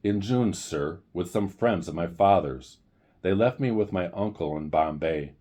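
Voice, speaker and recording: A man's voice: low-pitched, expressive, measured pace, dark tone. A man reading aloud as a polite, earnest teenage boy in a storybook.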